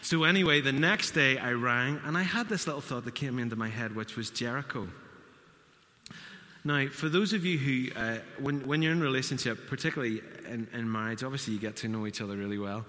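A man's voice: medium pitch, brisk, bright, forceful tone. A man preaching a sermon, telling a story and acting out the quotes. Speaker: pastor. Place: church hall. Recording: church hall reverb.

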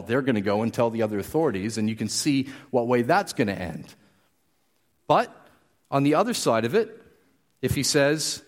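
Guy giving a sermon, chatty and explaining, voice swings around a lot. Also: on the high side. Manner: conversational, explanatory, with frequent restarts. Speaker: preacher.

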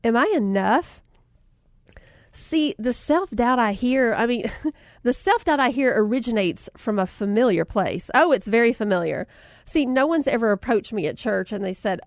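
A woman's voice: a little high, animated, moderate pace, no room sound, clean studio sound. A woman with a Southern US accent gives a casual motivational talk, telling stories animatedly, laughing often and calling her listeners y'all. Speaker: speaker sharing life lessons.

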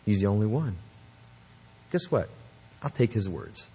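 A man's voice: on the low side, big pitch swings, a little slow, dark tone, husky. A man preaching a sermon, emphatic and earnest, with conversational asides to the congregation. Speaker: pastor.

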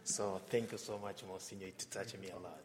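A man's voice: deep voice, steady tone, fairly quick. A man with a Tanzanian accent, a visiting missionary priest giving a homily with an anecdotal, hesitant delivery. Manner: warm storytelling with frequent hesitations and laughs. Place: church. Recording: long church reverb.

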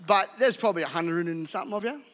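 A man preaching a sermon as pastor, joking and animated, with acted-out asides. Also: high voice, fast talker, long reverb tail. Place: church auditorium.

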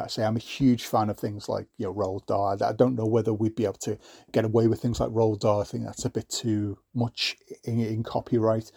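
A middle-aged man talks casually on a podcast, drifting through thoughts with many "ums" and restarts. His voice has a gravelly edge, and it sounds dry and close to the mic. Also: mid-range voice, darkish tone, dry recording. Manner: rambling, many fillers and restarts. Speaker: podcast host.

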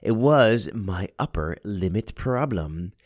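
A middle-aged man telling a workplace story in a casual, animated way. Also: fairly low pitch, slow pace, no room sound, studio quality. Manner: animated storyteller, lively voice shifts. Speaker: speaker, cleaning business owner.

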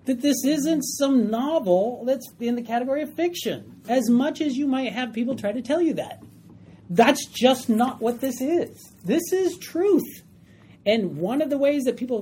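A woman's voice: fairly high pitch, moderate pace, warm tone, a little hiss or hum. A woman teaching a Bible study class, emphatic and often questioning her group.

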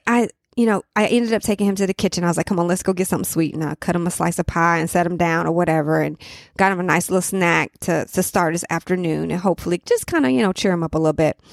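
A woman's voice: on the low side, gravelly, no echo. Chatty woman host in a dry room. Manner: conversational, many fillers and restarts, southern 'y'all'. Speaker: podcast host. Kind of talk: casual reflective monologue.

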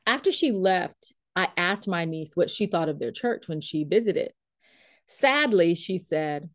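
A woman leadership coach and trainer telling a story in a coaching talk. She is animated, acts out what people said and laughs often. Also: lowish voice, unhurried, no echo, studio quality.

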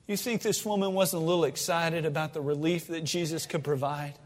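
A man preaching a sermon as pastor, moving between loud, fervent pleading and hushed storytelling, recorded in a church sanctuary. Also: fairly high pitch, steady tone, a little fast. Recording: long reverb of a church sanctuary.

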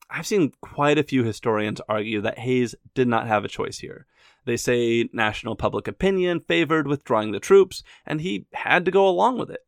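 Guy telling history like a podcast, chatty and opinionated, kinda high voice with lots of gravel. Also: no echo, studio quality. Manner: conversational, opinionated, wry humor. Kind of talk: scripted history narration with personal asides.

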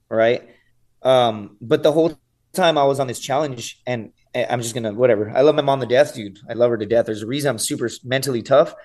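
A man's voice: medium pitch, a little mellow. A man in his thirties, a guest on a podcast, telling a story casually and with animation, swearing freely and often saying "dude" and "right?". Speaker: podcast guest, survival show contestant.

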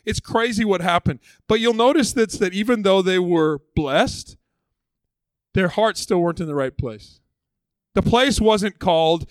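A male pastor preaching a sermon in a fairly high voice, dramatic, dropping to hushed slow phrases and then rising again. The sound is dry and close, with little room echo. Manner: dramatic, swings from loud to hushed.

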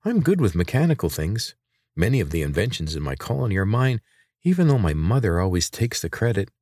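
Man doing a blunt sarcastic teen girl, raised pitch, lively swoops, dry close sound. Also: a little fast, no room sound. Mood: sarcastic, probing. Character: sharp-tongued teenage girl inventor.

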